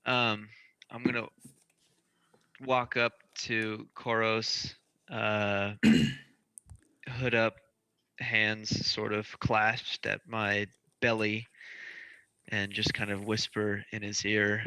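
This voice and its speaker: A man playing a tabletop game, soft-spoken and hesitant. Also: on the low side, flat delivery, very slow, long pauses, smooth, no echo, poor audio. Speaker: player. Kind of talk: casual tabletop play.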